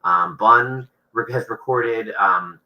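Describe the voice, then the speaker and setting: A man's voice: on the low side, slow, highs cut off. A man, an author being interviewed, talking casually and rambling with many restarts.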